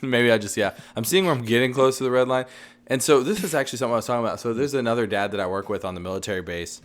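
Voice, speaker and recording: A man in his thirties co-hosting a casual podcast, rambling and loud, his voice fading in and out. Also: medium pitch, rapid-fire. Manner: rambling, loud, says he is yelling and redlining. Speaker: podcast co-host. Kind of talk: casual chat.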